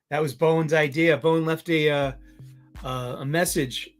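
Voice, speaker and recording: A man hosting a casual comics livestream, talking in a rambling, halting way with many fillers and restarts. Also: a little high, gravelly, fairly bright tone. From Boston area. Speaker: comics review livestream host.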